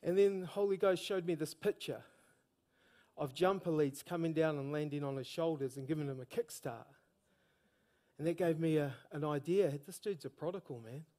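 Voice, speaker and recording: Energetic New Zealand preacher. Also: male voice, a little high, moderate pace. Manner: energetic storytelling, bursts of shouted emphasis. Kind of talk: sermon.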